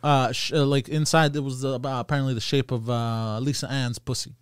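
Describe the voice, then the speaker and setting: A man's voice: medium pitch, level tone, brisk, clean tone, no room sound, clean studio sound. A man on a podcast in casual chat, sheepish and hesitant with fillers.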